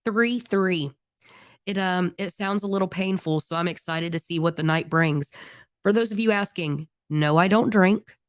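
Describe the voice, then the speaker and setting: Friendly and talkative, a thirty-something woman who sings in a band rambles through casual chat as podcast co-host. She speaks at a normal speed in a lowish voice, and the studio sound is clean with no room noise.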